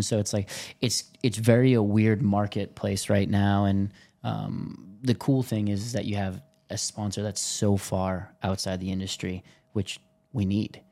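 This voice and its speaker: A man's voice: fairly low pitch, mellow. A man co-hosting a podcast, chatting casually with a loose, filler-heavy way of talking. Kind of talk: casual chat.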